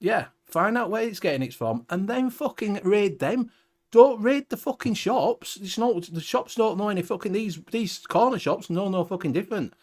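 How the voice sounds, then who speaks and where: A man's voice: sits high, animated, moderate pace, a little mellow. A Welsh man hosting a casual livestream chat, ranting bluntly with heavy swearing. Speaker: show host.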